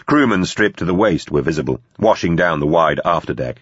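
Audiobook narrator: man, very deep and husky voice, steady, measured reading. Dull, dry recording. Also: dry recording. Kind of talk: scripted narration.

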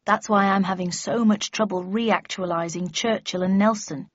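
Older father, read by a woman, wry and calm, slow dry delivery, dry close sound. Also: medium pitch, husky, no echo, dull audio, close to an everyday voice. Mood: gentle. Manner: measured, dry and unhurried.

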